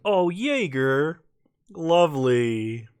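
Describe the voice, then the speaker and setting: A man's voice: a little high, extremely slow, clear, resonant tone. A man streaming a card game with casual commentary, laughing often and a little tipsy after a few beers. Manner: laughs often, relaxed and chatty.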